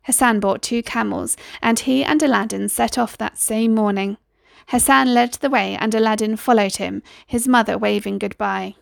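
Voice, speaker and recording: A woman narrating a storybook in a steady, expressive reading voice. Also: fairly high pitch, moderate pace, creaky, dry recording, studio quality.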